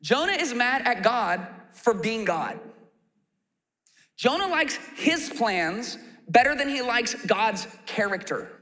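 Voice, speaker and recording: A male pastor delivers his sermon with a high, bright voice that swings widely in pitch. He acts out quoted lines with animated energy. The sound carries a long hall reverb from the church room. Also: slow. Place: church auditorium.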